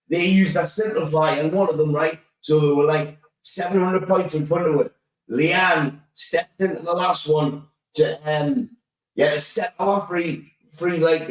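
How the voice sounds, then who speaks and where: A man co-hosting a casual football podcast, telling animated stories, laughing and swearing often. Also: on the high side. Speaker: podcast co-host. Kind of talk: casual chat. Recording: roomy sound, mic at a distance.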